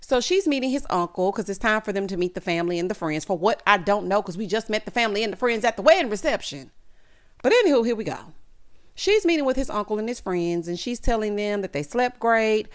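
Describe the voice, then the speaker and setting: Woman, thirties, sassy recap vlogger, lively pitch, honey-and-child chatter. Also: fast talker. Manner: sassy, animated, calls viewers honey and child. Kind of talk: casual recap commentary.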